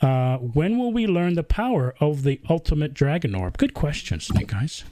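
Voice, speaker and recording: A man's voice: fairly high pitch, animated, normal speed, mellow, slight background noise. A male host in a casual live-stream interview, chatting and reading viewer questions aloud. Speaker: podcast host.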